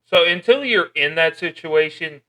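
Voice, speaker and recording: A man's voice: on the high side, expressive, normal speed, pushed and bright, low-quality recording. A man co-hosting a casual podcast, talking earnestly from his own work experience. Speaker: podcast co-host. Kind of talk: casual chat.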